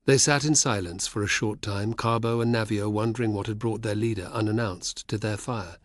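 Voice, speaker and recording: A man narrating an audiobook in a measured, even way. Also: lowish voice, no echo, clean studio sound. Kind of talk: scripted narration.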